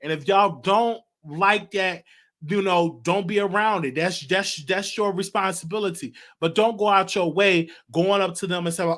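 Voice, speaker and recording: A young man with a Southern US accent hosts his own commentary show, his voice bright and sitting a little high. He speaks earnestly and from the heart, repeating phrases as he works through a point. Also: moderate pace. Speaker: show host. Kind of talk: solo commentary vlog.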